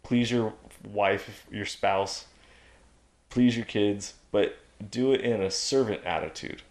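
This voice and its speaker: A man's voice: lowish voice, fairly even intonation, slow pace. A man talking as a guest on a podcast in a casual chat, emphatic and preachy as he drives his points home.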